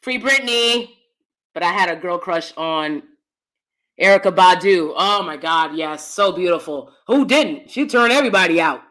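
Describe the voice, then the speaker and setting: A woman, chatting casually and animatedly with her viewers while laughing often, swinging between loud bursts and soft asides. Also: on the low side, animated, normal speed. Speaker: channel host. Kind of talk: casual live-stream chat.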